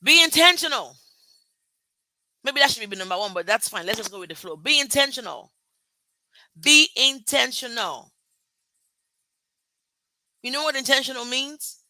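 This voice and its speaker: A woman's voice: on the high side, moderate pace, pauses often, pushed and bright, no echo, rough recording. A middle-aged Nigerian woman hosting a live motivational talk, emphatic and repetitive, laughing at herself. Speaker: motivational host.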